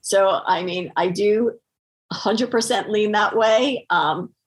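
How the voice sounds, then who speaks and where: A woman's voice: mid-range voice, takes it slowly. A middle-aged woman speaking as a guest on a podcast, talking earnestly with lots of fillers and restarts. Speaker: podcast guest, holistic doctor. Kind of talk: conversational interview.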